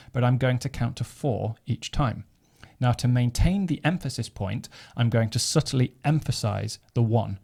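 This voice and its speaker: A man's voice: medium pitch, a little mellow. A man teaching snare drum technique, explaining step by step and counting beats aloud as he plays. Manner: methodical, counts beats aloud while playing. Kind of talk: instructional explanation.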